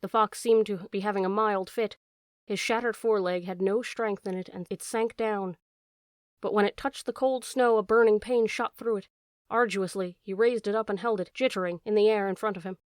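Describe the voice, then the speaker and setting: A woman's voice: medium pitch, fairly even intonation, normal speed, no room sound. Woman reading a storybook aloud, dry sound. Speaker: audiobook narrator. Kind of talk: scripted narration.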